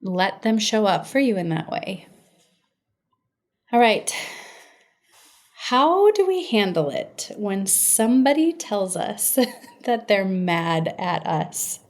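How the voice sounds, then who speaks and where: A woman's voice: medium pitch, very animated, takes it slowly, long pauses. Woman podcast host, mid-range voice, conversational and emphatic. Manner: emphatic, conversational, addresses listeners directly. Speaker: podcast host and inner-healing practitioner. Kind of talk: teaching podcast monologue.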